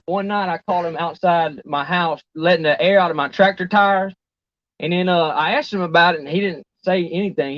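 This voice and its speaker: A man playing a rural male cow owner in a comedy sketch, with a slow rambling drawl, on a dull lo-fi recording. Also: a little high, no room sound, lightly acted. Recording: dull dry lo-fi clip.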